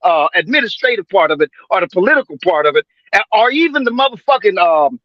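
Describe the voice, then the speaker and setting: High, lively man in his seventies. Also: fast, no echo, highs cut off. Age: 70s. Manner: rambling, emphatic, many filler sounds and restarts. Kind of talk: casual profane sports debate.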